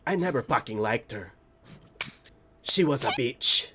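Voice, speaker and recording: A woman's voice: very deep voice, expressive, unhurried, very noisy. Man doing a blunt Filipino auntie. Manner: blunt, swears casually.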